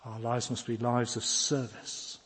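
A man's voice: medium pitch, flat delivery, measured pace, a bit bright, a little hiss or hum. A man preaching a sermon who tells stories and pleads earnestly with his listeners. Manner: earnest, pleading, rising to emphatic questions. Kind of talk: sermon with storytelling. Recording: long reverb of a church hall.

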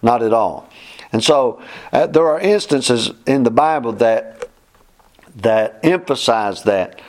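A man's voice: mid-range voice, expressive, takes it slowly, a little mellow. A man teaching a verse-by-verse Bible class, plainspoken and emphatic, often repeating his points.

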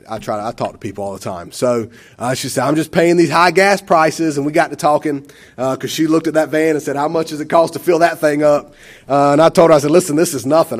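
A man, telling a church testimony in a rambling, emotional way with many fillers. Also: on the high side. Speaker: church member giving a testimony.

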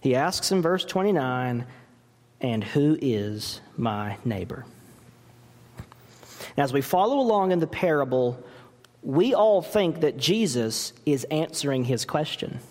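A pastor delivers a sermon in a slow, deliberate cadence, his pitch rising and falling with lively animation. He preaches emphatically, leaning on rhetorical questions. His voice carries a long reverb from a large church hall.

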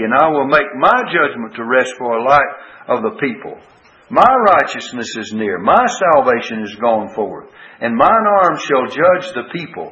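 Preacher man on a dull recording. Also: a bit bright. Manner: rises in pitch and volume when reading scripture, drops low for asides. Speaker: pastor. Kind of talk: sermon.

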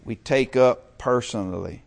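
A man preaching a sermon at a middle pitch. He moves from loud, drawn-out calls to hushed whispers. He turns to the congregation with direct questions. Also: creaky. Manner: talks with the congregation, calls for amen and uses y'all. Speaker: pastor.

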